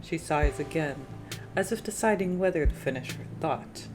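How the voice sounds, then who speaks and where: A woman's voice: expressive, over music. A woman co-hosting a casual podcast, chatting and reading game narration aloud with playful asides. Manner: reads narration lower and slower, playful asides. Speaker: podcast co-host.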